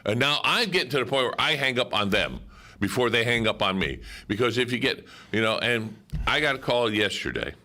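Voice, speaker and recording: A man's voice: expressive, brisk, sharp tone. A man chatting casually as a radio co-host, trading stories. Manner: chatty, drops low for asides. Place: radio station.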